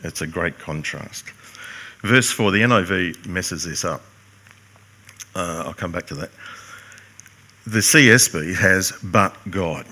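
A man's voice: low-pitched, slow, long pauses, pushed and bright. An older man preaching a sermon, earnest and emphatic, posing rhetorical questions to his congregation. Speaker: pastor.

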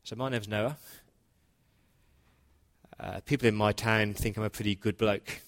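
A preacher speaking as Noah, earnest and plain. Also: male voice, on the low side, steady tone, unhurried. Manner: first-person storytelling, heartfelt, conversational. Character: Noah, humble earnest older man, male. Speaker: pastor. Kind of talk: dramatic first-person retelling in a sermon.

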